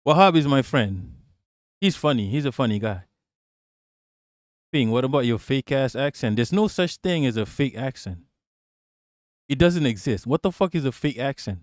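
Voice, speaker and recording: A man's voice: mid-range voice, expressive, normal speed, pauses often, dry recording, clean studio sound. Profane, mocking male stream host. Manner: profane, mocking, chatting with viewers. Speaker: livestream host. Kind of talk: casual live-stream commentary.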